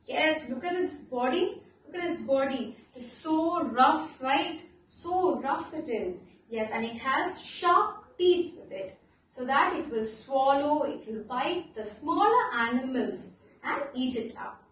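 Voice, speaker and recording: High-voiced teacher in an echoey room. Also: female voice, distant mic, slight background noise. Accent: Indian English. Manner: animated, playful, asks children questions and spells words out slowly. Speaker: primary school teacher. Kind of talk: online class lesson for young children.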